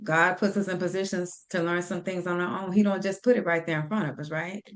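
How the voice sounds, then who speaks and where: A woman guest on a faith talk show who speaks directly and acts out her pep talks with a friend in an animated way. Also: on the low side, fairly quick. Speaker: podcast guest.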